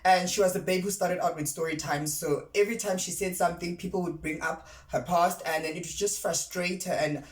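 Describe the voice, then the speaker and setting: A voice in a casual commentary vlog, chatty and sassy, firing rhetorical questions at the audience. The pitch sits mid-range, neither high nor low. The sound carries a roomy echo. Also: steady tone, brisk, hardly any pauses. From South Africa. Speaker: commentary vlogger.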